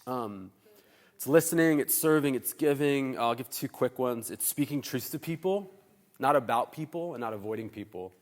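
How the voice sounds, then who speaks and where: Pastor, male, mid-pitched, chatty and animated storyteller, long hall reverb. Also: normal speed. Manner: animated, chatty, acts out dialogue. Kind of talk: sermon storytelling. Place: church hall.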